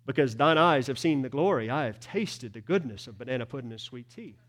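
A male pastor, preaching a sermon in a church with emphatic swings between loud declarations and hushed lines. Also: medium pitch, lively intonation, a little fast. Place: church sanctuary.

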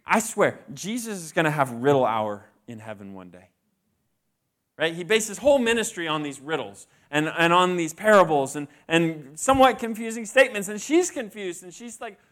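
A man's voice: high voice, expressive, moderate pace, fairly bright tone. A man preaching a sermon in a conversational way, often asking the congregation questions. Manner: conversational, asks the audience questions.

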